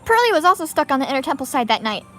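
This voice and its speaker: A bubbly, excitable young spirit medium from a courtroom game, as a woman puts her on while reading aloud. Her voice sits high and comes out bright and eager. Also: rapid-fire, soft background music. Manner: eager, pleading, upbeat.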